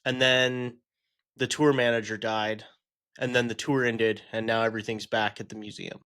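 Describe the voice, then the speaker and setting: A man with a mid-range, fairly bright voice speaks at a moderate pace with little pitch movement. He co-hosts a podcast, chatting casually, laughing often and swearing freely.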